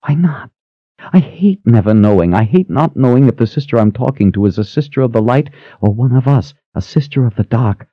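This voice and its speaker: A man voicing a frightened young woman who pleads in a high, breathless voice. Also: lively intonation, fairly quick, no echo, close to an everyday voice. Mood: eager. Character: frightened young woman, nervous, eager to please. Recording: slightly muffled dry recording.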